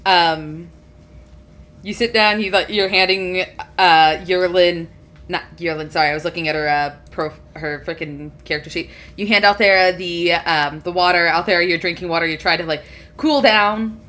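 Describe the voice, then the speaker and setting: A woman's voice: lowish voice, fairly even intonation, normal speed, fairly bright tone. A woman narrating as game master of a tabletop game, giggly and rambling with many fillers.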